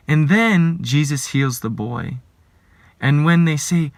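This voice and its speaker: A man gives a reflective spiritual talk at a slow, deliberate pace, earnest and measured, sometimes sinking to a hushed whisper. His voice sits a little high and sounds dry and close, with no room around it. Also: dry recording. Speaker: life coach giving a spiritual talk.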